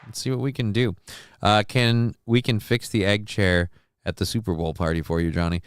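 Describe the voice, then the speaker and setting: Rambling deep-voiced man hosting a show. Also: steady tone, normal speed, slight background noise. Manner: rambling, joking, swings between loud bits and quiet asides. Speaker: show host. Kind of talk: casual live-show chat.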